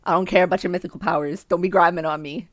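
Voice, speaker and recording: A young woman streamer reading a dating game aloud, breaking in with brash, profane and loud reactions. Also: on the low side, fairly even intonation, rapid-fire, dry recording, clean studio sound.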